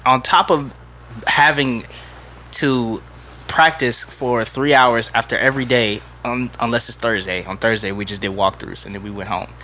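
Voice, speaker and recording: A man's voice: medium pitch, steady tone, normal speed, bright, forceful tone, a little hiss or hum. A young man co-hosting a podcast, talking casually and chiming in. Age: young adult. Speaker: podcast co-host. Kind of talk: casual chat.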